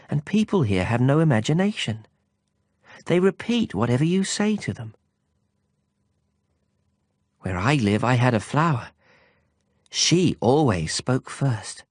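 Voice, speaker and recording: Audiobook storybook part: man playing a soft, high little boy prince, lilting and earnest, dry studio sound. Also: very animated, takes it slowly, pauses often, dry recording. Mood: wondering. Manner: high, soft and wistful, questions drawn out. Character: small wondering boy prince, gentle and earnest. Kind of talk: audiobook character voice.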